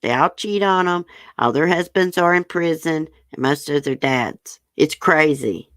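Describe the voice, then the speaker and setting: Woman streamer, low voice, dry close sound, chatty and blunt, answers her chat. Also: measured pace, a bit bright, no room sound. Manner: chatty, frank and opinionated, talks back to viewer comments. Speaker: livestream host. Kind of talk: casual chat reading news and viewer comments.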